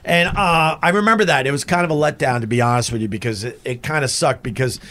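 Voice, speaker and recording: A man's voice: mid-range voice, fast, bright, forceful tone. A middle-aged man, a former radio host, telling a rambling, profane story as a guest. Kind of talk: casual storytelling.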